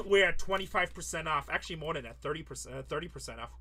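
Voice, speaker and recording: A man with a bright, forceful, somewhat high voice hosts a live card-break stream. He talks in a quick selling patter, reads off long lists, and teases his buyers. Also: expressive. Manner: joking, teasing, rattles off lists. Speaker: sports card break host.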